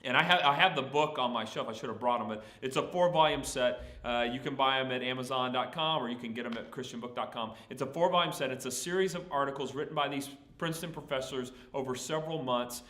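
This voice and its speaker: A man with a gentle Southern accent answers questions as a pastor, in a folksy, plainspoken manner full of "uh"s. His voice sits at an ordinary pitch and carries an echo from the room. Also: fast, few pauses. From Texas, USA. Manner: folksy, plainspoken, frequent "uh" fillers. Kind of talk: sermon Q&A.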